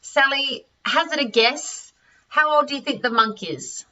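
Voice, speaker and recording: An Australian woman presenting health products over a call, halting with many fillers and restarts. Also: high-pitched, sharp tone. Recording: distant, dull-sounding audio.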